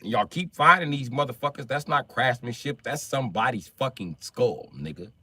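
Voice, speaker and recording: A man hosting a livestream in casual, rambling chat, swearing constantly and breaking into loud outbursts. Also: medium pitch, lively intonation, normal speed, slightly rough, dry recording. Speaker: livestream host.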